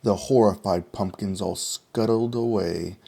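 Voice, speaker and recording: Male picture-book reader, rhythmic rhyme, dark husky low voice. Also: a little slow. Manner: steady, rhythmic storytelling. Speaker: storybook reader. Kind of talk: rhyming picture-book read-aloud.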